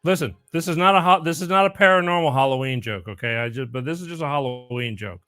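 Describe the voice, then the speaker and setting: Middle-aged guy hosting, casual and rambly, voice sits kinda high. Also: quick pace, bright, forceful tone, dry recording, studio quality. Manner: rambling, self-interrupting. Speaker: podcast host. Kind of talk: casual chat, telling a joke.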